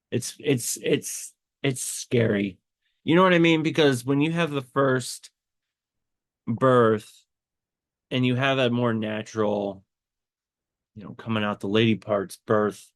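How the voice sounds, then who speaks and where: A podcast host tells a personal story in a rambling way, full of fillers and restarts, his voice tearful and choked up. He speaks fairly low with vocal fry, and there is no room sound.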